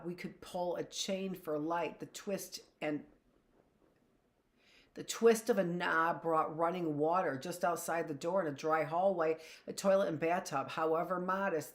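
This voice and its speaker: A woman with a low voice reads a first-person novel aloud, the way a teacher reads to her class. Her delivery is steady, with the occasional stumble that she corrects and a quick aside of her own. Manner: steady reading with small slips and self-corrections.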